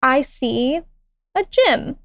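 A woman's voice: high voice, drawn-out words, dry recording. A young woman in her twenties, a podcast guest telling a personal story in casual chat and acting out the lines of the people in it. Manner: animated, acts out quoted dialogue.

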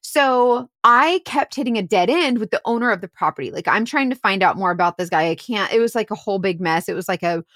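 Woman investigator spinning a case story, chatty and animated, dry close sound. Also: mid-range voice, brisk, hardly any pauses, no echo. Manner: animated, heavy use of "like". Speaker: private investigator. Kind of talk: casual storytelling podcast.

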